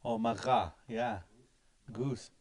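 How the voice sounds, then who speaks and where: A man's voice: mid-range voice, steady tone, slow pace, darkish tone. A man teaching words in a language class, patiently repeating each word many times. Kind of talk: slow, repetitive pronunciation lesson.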